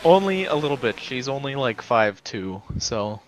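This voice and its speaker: A man's voice: mid-range voice, sing-song, moderate pace, rough recording. A man co-commentating a live sim race from the booth, folksy and upbeat.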